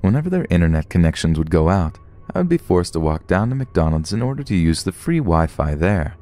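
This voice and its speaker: A man with a very low, dark voice narrates scary true stories. His pitch moves a lot as he tells them, rising and falling with the story. The telling is scripted and steady. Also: fairly quick. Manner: storytelling, puts on short voices for quoted people.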